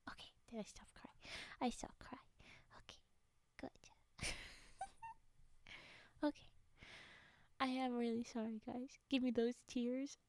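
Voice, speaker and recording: High-voiced bubbly woman streamer. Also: vocal fry, no echo. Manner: bubbly and apologetic, drifting into soft whispery asides. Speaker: livestream host. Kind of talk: casual live-stream chat with viewers.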